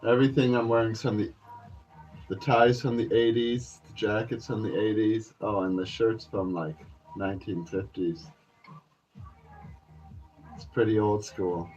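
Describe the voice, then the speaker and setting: A rambling man from Canada talks straight to his viewers, swearing freely and calling them folks between his fillers. His voice sits at an ordinary pitch, and the recording sounds dull and lo-fi. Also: fairly even intonation, measured pace, long pauses, a little mellow, faint music behind. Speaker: vlogger. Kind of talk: rambling casual monologue to viewers.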